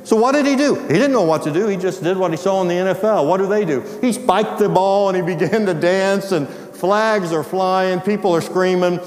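A man's voice: high voice, moderate pace, hardly any pauses. Man telling a story in a hall. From US Midwest. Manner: animated, acts out dialogue. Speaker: teacher. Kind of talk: storytelling testimony. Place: large hall. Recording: echoey hall reverb.

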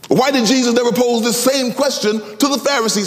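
A man preaching a sermon dramatically, slowing for emphasis and rising into sing-song phrases. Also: big-room sound, soft background music. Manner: dramatic, swinging between slow low emphasis and high, sing-song rises.

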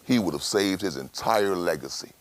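A man's voice: deep voice, animated, normal speed, no echo. A man preaching a sermon as pastor, dramatic, with rhetorical questions.

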